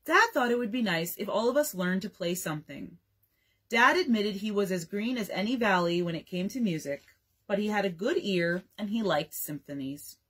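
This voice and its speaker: A woman's voice: medium pitch, moderate pace, husky. A young woman librarian reading a bedtime story aloud, giving the dialogue its own voices. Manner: expressive, reads dialogue in varied voices.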